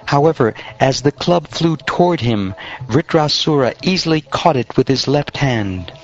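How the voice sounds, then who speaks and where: A male audiobook narrator reading scripture in a measured, solemn way. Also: fairly high pitch, expressive. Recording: dull lo-fi audio.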